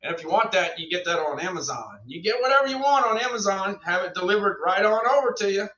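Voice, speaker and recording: High, bright-voiced man rambling on a livestream. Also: animated, fast talker. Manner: rambling, repeats phrases, chats to viewers. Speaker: livestream host reviewing products. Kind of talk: casual livestream chat. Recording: roomy, distant, dull lo-fi sound.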